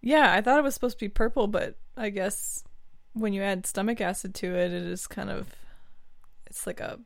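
A woman's voice: mid-range voice, fairly even intonation, moderate pace, vocal fry, dry recording, close to an everyday voice. A woman playing a nervous, rambling young boy in an improvised sitcom parody. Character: nervous boy Brad, a brother.

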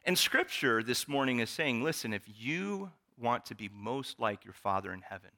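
A man delivers a sermon as a church pastor. He tells stories and reads scripture in an animated way, and his voice has a bright, forward edge. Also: medium pitch, moderate pace. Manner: animated, storytelling preacher.

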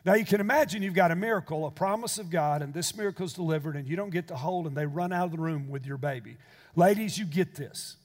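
Older male pastor, high voice, sermon storytelling that builds to fervent preaching, long hall reverb. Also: fast.

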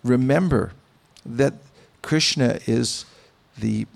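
Gravelly-voiced man giving a measured sermon. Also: mid-range voice. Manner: measured, pausing, with gentle humor. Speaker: spiritual teacher. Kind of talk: sermon with anecdotes.

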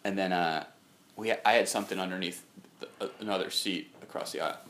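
A man's voice: sits low, fairly even intonation, quick pace, a bit bright. A young man co-hosting a casual chat show, telling a long rambling anecdote. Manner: rambling anecdotal storyteller, quoting others in his own voice. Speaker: podcast co-host.

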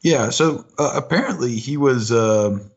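A man co-hosting a casual chat podcast, speaking thoughtfully with halting restarts. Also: mid-range voice, expressive, slightly rough, dull audio. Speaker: podcast co-host.

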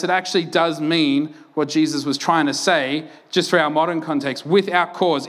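Young aussie guy preaching, chatty and jokey, kinda high bright voice, keeps going "right?". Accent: Australian. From Australia. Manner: animated, self-mocking, conversational, frequent "right?" and "like". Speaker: pastor. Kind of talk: sermon with personal storytelling.

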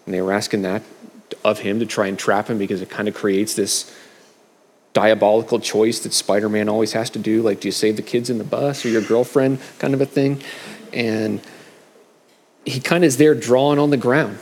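Man, middle-aged, relaxed preacher, lowish voice, long echo of a church hall. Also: moderate pace, slight background noise. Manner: conversational, frequent fillers and restarts. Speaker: preacher sharing a message. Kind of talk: casual sermon with scripture readings.

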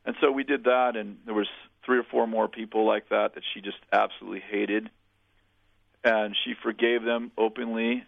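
A man's voice: lowish voice, fairly even intonation, normal speed, vocal fry, dry recording. A man speaking as a pastor and interview guest, telling earnest, plainspoken stories with frequent restarts. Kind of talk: storytelling in a radio interview. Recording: tinny phone line.

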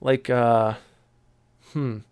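A man casually telling a long personal story on a podcast, halting and searching for words, with a wry, laid-back manner. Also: mid-range voice, level tone, darkish tone, smooth, dry recording.

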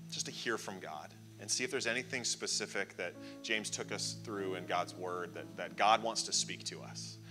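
A worship leader at a church service, speaking in a gentle, inviting, unhurried way. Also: male voice, lowish voice. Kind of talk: worship prayer lead-in. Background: music.

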